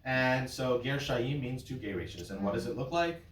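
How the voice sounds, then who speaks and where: Playful cantor teaching a class. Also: male voice, medium pitch, expressive, moderate pace. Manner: playful, uses memory tricks. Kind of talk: teaching a class, explaining with sung examples. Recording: roomy and from far off.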